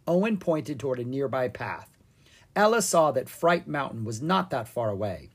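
A reader narrating a children's storybook in an animated, playful way, reading the sound effects aloud. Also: mid-range voice, normal speed, slightly rough. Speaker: audiobook reader.

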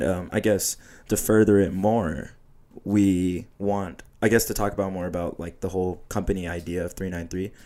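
A man's voice: deep voice, darkish tone. A man co-hosting a casual podcast, laid-back and slangy, laughing often. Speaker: podcast co-host. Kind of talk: casual chat.

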